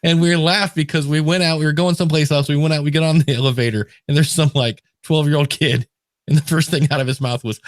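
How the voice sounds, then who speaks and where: A man's voice: a little high, steady tone, quick pace, no room sound, clean studio sound. A man hosting a podcast, chatting casually and telling anecdotes with easy laughter. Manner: storytelling, laughs easily. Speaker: podcast host.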